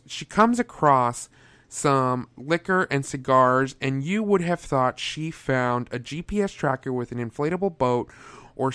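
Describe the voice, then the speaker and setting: A man's voice: a little high, a bit bright, clean tone, no echo. A young man reviewing a movie in a casual, sarcastic way, often breaking into exasperated outbursts.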